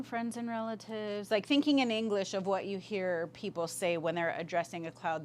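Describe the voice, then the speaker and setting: A woman teaching a language class, speaking patiently and repeating words slowly for learners, with easy laughs. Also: mid-range voice, a little hiss or hum. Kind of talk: online language lesson.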